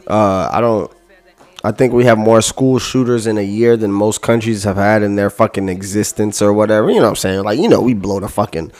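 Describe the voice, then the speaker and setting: A man's voice: on the low side, a little mellow. A man hosting a podcast, ranting heatedly and profanely, repeating himself. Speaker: podcast host.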